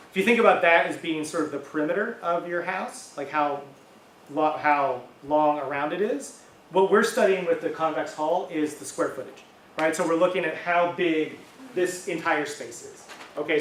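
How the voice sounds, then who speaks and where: A middle-aged man gives a relaxed academic lecture in a somewhat high voice. He talks conversationally, checks in with the audience, and stops to rephrase. He is recorded from across an echoey room, with faint room noise behind him. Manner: casual, conversational lecturing with frequent "um", "right?". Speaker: university linguistics lecturer. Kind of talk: academic talk. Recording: echoey room, mic at a distance.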